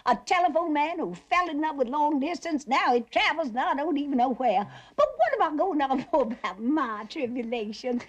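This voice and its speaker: Chatty southern belle mom, high voice that swoops all over, genteel and fluttery. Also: female voice, animated, moderate pace, hardly any pauses. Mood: gushing. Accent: American Southern. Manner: chattering, genteel, laughing often. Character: fluttery aging Southern belle mother, talkative. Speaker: actress playing Amanda Wingfield, an aging Southern mother. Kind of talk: television drama acting.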